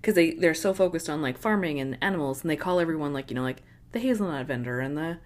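A woman's voice: sits low, lively intonation, fast talker. A woman co-hosting a book podcast, chatting casually with many filler words. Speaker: podcast co-host.

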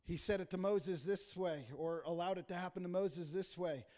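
High-voiced preaching man in a reverberant hall. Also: moderate pace, mellow. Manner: impassioned preaching, rising and falling in volume. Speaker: pastor. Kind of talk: sermon.

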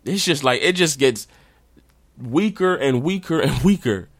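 A man hosting a podcast, ranting in a casual, animated, slangy way. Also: mid-range voice, a little slow, dry recording. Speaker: podcast host.

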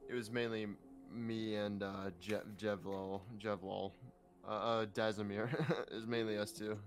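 A man playing a tabletop game who talks in an animated way, laughing and swearing a lot. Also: on the low side, a little slow. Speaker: player. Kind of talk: casual tabletop play.

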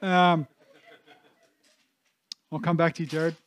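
A man, giving a heartfelt, earnest sermon, often pausing with fillers and restarting his phrases. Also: fairly high pitch, flat delivery. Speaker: pastor.

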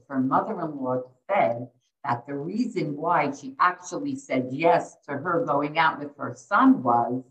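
Low-voiced woman dating coach telling stories, dull lo-fi sound, kinda echoey. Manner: warm heartfelt storytelling with Yiddish and Hebrew terms. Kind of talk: storytelling in a podcast interview. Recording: echoey, distant, dull lo-fi audio.

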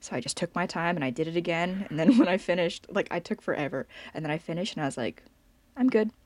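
A young woman with a low voice tells a story in a relaxed, chatty way. She is giggly and animated and fills her sentences with "like". The sound is close and dry. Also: fast talker, no room sound. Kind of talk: casual chat.

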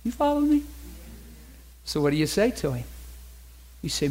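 A man's voice: high-pitched, big pitch swings, normal speed, darkish tone. A man preaching a sermon, acting out little scenes and dialogue in different voices.

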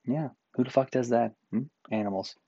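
Recorded dry and lo-fi in an apartment room, this podcast host from Newfoundland, Canada, goes on a casual solo rant, exasperated and full of profanity. He speaks briskly in a mid-range voice that sounds warm and husky.

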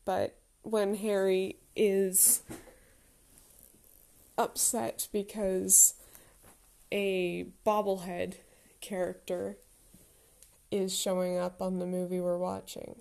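A woman's voice: mid-range voice, little pitch movement, slow pace, gravelly, long pauses, darkish tone. A woman in her thirties telling a candid, reflective personal story with self-deprecating humour.

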